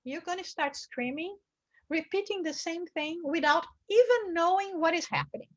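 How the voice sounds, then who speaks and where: A woman's voice: expressive, normal speed, muffled recording. A woman leading a religious study class, earnest, reading passages and explaining them. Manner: earnest, acts out quoted screams with high bursts. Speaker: study group teacher.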